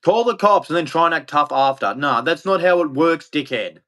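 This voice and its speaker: A man with an Australian accent rants to the camera in a bitter, profane monologue. He circles back over the same complaints and curses freely. His voice sits a little higher than most men's. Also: lively intonation, a little fast, bright, forceful tone. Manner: bitter, profane, repeats himself. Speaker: vlogger. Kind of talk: angry ranting monologue.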